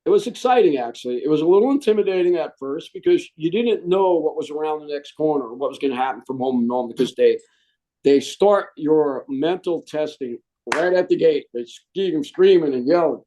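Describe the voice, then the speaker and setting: A middle-aged man, a Marine veteran, telling stories in a casual interview, animated and jokey and saying "man" a lot. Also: a little high, a little fast, poor audio.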